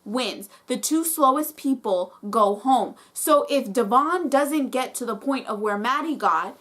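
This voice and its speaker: A woman's voice: high voice, animated, unhurried, fairly bright tone. A woman vlogger recapping a reality competition episode in a casual, opinionated way, fired up and full of "like".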